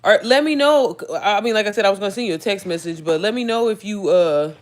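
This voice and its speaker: A woman's voice: medium pitch, fast talker. Chatty woman hosting a home livestream. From Indiana, United States. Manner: chatty, greets viewers by name and reads their comments. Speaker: livestream host. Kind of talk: casual livestream chat. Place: indoors at home.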